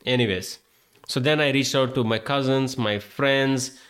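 A man's voice: medium pitch, steady tone, measured pace, a bit bright. A man from India with an Indian accent, hosting a podcast in a rambling, casual monologue full of filler words and swearing. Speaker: podcast host.

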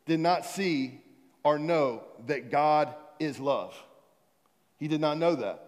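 A man's voice: on the high side, takes it slowly, a little mellow, in a large hall. A man preaching a sermon as pastor, emphatic and repetitive, leading the congregation in call-and-response. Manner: emphatic, repeats key phrases, leads the congregation in call-and-response.

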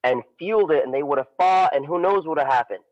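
Male podcast co-host, animated casual storyteller, muffled lo-fi recording. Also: fairly high pitch, quick pace. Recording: dull lo-fi audio.

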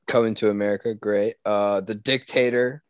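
Animated young man on a dry mic. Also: fairly low pitch, moderate pace, clean tone, no echo. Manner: animated, swearing, bursts into loud outcries. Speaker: podcast co-host. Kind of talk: casual chat.

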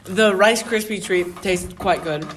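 Man, podcast co-host, fairly high voice, teasing, joking, casual banter, chatter behind. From father from the United Kingdom. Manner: joking, teasing, quick to laugh. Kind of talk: casual banter among friends.

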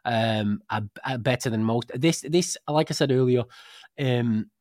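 A man co-hosting a casual book-discussion podcast, animated and often repeating words as he thinks. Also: medium pitch, measured pace, dry recording, clean studio sound. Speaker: podcast co-host.

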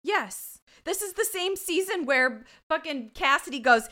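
A woman's voice: high-pitched, animated, unhurried, bright, forceful tone. A woman co-hosting a podcast, chatting casually with blunt, emphatic reactions and the odd swear. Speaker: podcast co-host. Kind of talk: casual chat.

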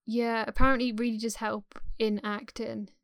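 A young woman from England speaks casually with a light English accent. She hesitates a lot, with many fillers and unfinished thoughts. Her voice sits a little high, and the recording is dry and close. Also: flat delivery, moderate pace, creaky, no room sound. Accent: English, softened West Midlands. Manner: hesitant, many likes and trailing sentences. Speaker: guest, aspiring performer. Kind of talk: casual chat.

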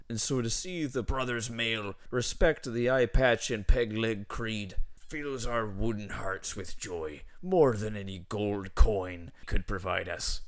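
A man voicing a boisterous male pirate captain reading out his own letter in loud, slow pirate talk. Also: lowish voice.

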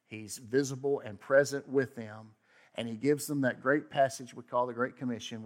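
A man preaching a sermon as pastor, talking conversationally, swinging from loud emphasis to hushed asides and acting out quoted voices. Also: medium pitch. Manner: acts out quoted voices with sudden outbursts.

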